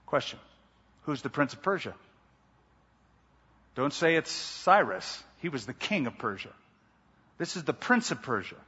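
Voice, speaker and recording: A man preaching a sermon, reading scripture and breaking off into lively, conversational asides. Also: medium pitch, measured pace, long pauses, husky. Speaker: pastor. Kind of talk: expository sermon. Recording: dull lo-fi sound with long hall reverb.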